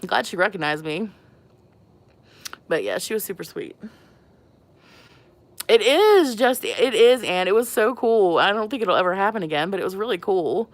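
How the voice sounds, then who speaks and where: A woman's voice: medium pitch, animated, moderate pace, long pauses, no echo. A woman hosting a makeup livestream, chatting casually and giggling as she answers her viewers. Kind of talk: casual live-stream chat with viewers.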